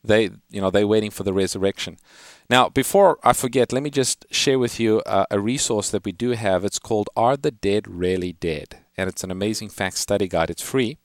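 This fairly low-pitched man hosts a call-in radio show as a Bible-answer host, earnestly explaining verses to callers and quoting scripture in a lifted reading voice. The sound is studio quality with no echo.

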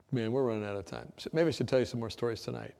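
A man preaching, telling his testimony as a lively story, often laughing and acting out the people in it. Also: mid-range voice, creaky. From United States. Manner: animated storyteller, often laughing, acts out shouts.

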